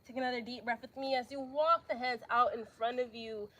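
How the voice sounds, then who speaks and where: A young woman yoga instructor, slightly out of breath, giving calm breathing cues with casual slang asides. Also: fairly high pitch, brisk. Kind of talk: live yoga class instruction.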